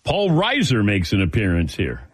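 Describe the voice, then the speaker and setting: Lively middle-aged male radio host. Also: fairly low pitch, normal speed, breathy edge. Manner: storytelling, chuckling, lively. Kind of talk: casual talk radio chat.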